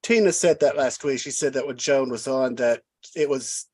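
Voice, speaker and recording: A man's voice: mid-range voice, moderate pace, a little mellow, slightly rough. A man hosting a casual interview, eagerly praising and prompting his guest like a fan. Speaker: host.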